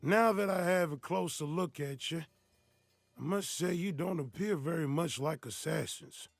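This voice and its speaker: A man's voice: a little high, normal speed, creaky, no room sound, soft background music. A man voicing a suspicious, frightened recluse who speaks curtly from behind his door. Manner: curt and suspicious.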